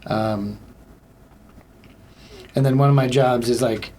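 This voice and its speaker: A man's voice: mid-range voice, steady tone, slow pace, dark tone. A young man hosting a casual solo comedy podcast, rambling and self-deprecating, with lots of filler words.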